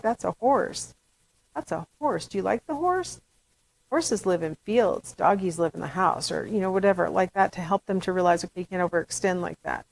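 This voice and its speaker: A woman instructor delivers a relaxed recorded lecture in a low voice with a gravelly edge. She talks conversationally, often pausing on fillers and correcting herself mid-sentence. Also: poor audio.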